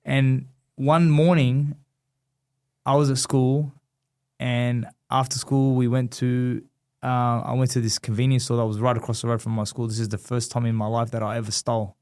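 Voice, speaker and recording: Animated man telling a story. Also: mid-range voice, normal speed. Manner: animated storyteller, acts out dialogue. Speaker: guest, former boxer. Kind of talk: storytelling in a casual interview.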